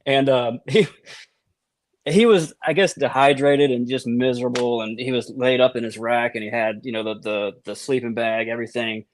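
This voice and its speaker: A man's voice: mid-range voice, fairly even intonation, moderate pace, no room sound. A man telling old barracks stories on a podcast, stumbling over his words and laughing as he goes. He sounds dry and close to the mic, with no room around him. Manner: rambling with many restarts and laughs. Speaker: podcast co-host. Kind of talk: casual storytelling chat.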